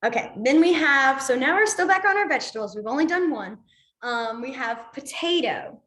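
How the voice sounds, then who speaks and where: A woman's voice: high voice, animated, normal speed, fairly bright tone, reverberant. A young woman teaching a sign language class online, chatty, apologetic and easily sidetracked, laughing often.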